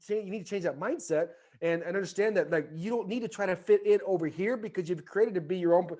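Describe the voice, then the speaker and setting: A man's voice: sits high, fast, mellow. A man in his forties telling a story in casual conversation as a podcast guest, animatedly acting out the voices of people in it. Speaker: podcast guest, former baseball player.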